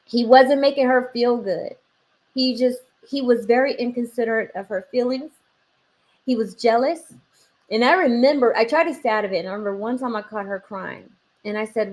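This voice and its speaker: A woman in her forties talks through a personal story in relaxed conversation, her voice sitting slightly high. She keeps acting out what others said, shifting her delivery for each quote. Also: brisk. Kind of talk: casual conversation.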